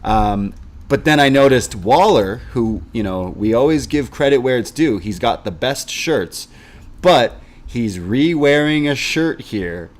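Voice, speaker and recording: A man's voice: mid-range voice, expressive, measured pace. A man co-hosting a casual podcast who laughs easily and throws in jokey asides. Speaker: co-host.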